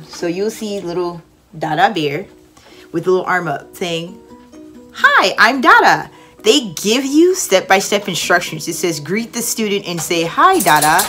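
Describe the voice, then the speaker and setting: Lively woman with a low voice coaching teachers. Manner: lively, demonstrates with exaggerated teacher voice. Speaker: online English teacher mentor. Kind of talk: casual instructional talk.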